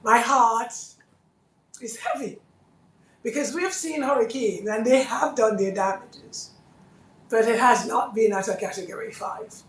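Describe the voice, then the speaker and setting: A woman's voice: fairly high pitch, moderate pace. A woman with a Jamaican accent hosting a live charity appeal over a phone, speaking in an earnest, pleading way that repeats itself. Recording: echoey room, voice a bit far off.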